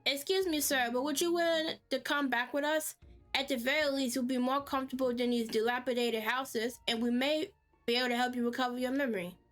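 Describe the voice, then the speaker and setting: Brisk, prim female officer, read by a woman, a touch high, formal. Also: steady tone, a bit bright, soft background music. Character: prim, proud young female army officer.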